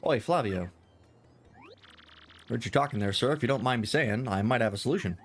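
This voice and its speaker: A man voicing a gruff male sailor in a mock Cockney accent, deferential and always saying sir. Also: mid-range voice, expressive, a little fast, a little hiss or hum, lightly acted. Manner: deferential, calls others sir.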